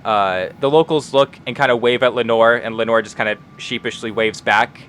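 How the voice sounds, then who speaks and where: A man's voice: mid-range voice, steady tone, normal speed, fairly bright tone, a little hiss or hum. A man narrating as game master in a tabletop game, speaking casually with many fillers.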